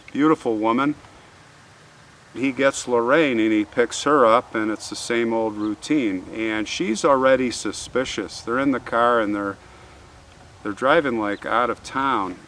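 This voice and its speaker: A man telling a true crime story in a casual, animated way, often acting out what people said. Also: medium pitch, distant mic, a little hiss or hum. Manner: animated, conversational, acts out quotes.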